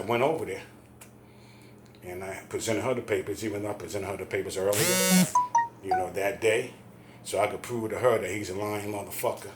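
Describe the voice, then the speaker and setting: A man's voice: on the low side, a little hiss or hum. Middle-aged man, casual ranting storyteller, profane and fired up; roomy echo. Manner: profane, heated, animated retelling. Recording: echoey room.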